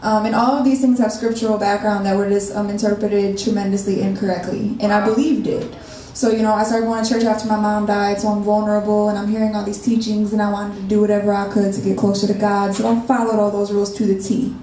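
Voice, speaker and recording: A woman in her twenties, a guest spoken word artist, telling a candid personal story in an animated way and acting out the dialogue. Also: medium pitch, quick pace, few pauses. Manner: animated, acts out quoted dialogue. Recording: echoey room, mic far off, faint noise.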